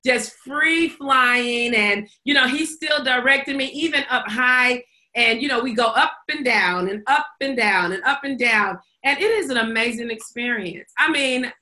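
A woman's voice: a little high, a little slow, bright, forceful tone. A woman co-hosting a podcast, telling a story in casual chat, acting out quotes and laughing often. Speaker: podcast co-host.

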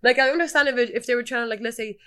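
Woman podcast co-host, chatty filler-heavy delivery, bright, tense voice. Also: a little high, very fast, smooth. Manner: chatty, many likes and do you know what I mean. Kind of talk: casual chat.

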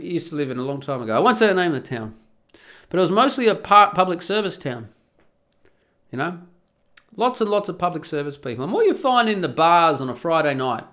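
A man's voice: fairly high pitch, a bit bright. A man, hosting a podcast and angrily ranting with a lot of swearing and scorn. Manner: angry, profane, ranting, scornful. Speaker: podcast host. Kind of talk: solo podcast rant.

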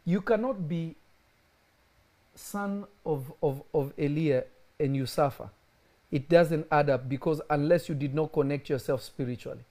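A young male pastor delivers a lively sermon with a warm, mellow voice. He keeps it conversational and slips into other people's voices when he tells stories. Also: a little high, measured pace. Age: young adult. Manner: animated preaching, acting out quoted voices.

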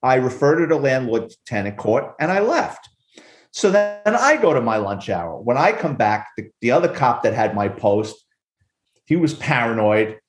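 A man's voice: mid-range voice, very animated, moderate pace, reverberant. A man, a former police officer, telling a profane story in an interview and acting out the people in it. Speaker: guest, retired police officer and author.

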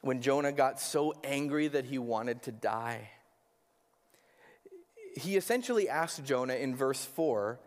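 A man's voice: mid-range voice, animated, unhurried, pauses often. A male pastor preaching a sermon, earnest and probing, asking his listeners rhetorical questions. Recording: hall with long reverb.

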